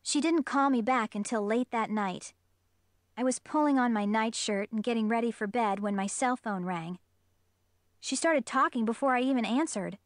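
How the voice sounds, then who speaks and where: A woman narrating a spooky children's story in the first person, in a steady storytelling manner. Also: a little high, normal speed, no echo. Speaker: audiobook reader.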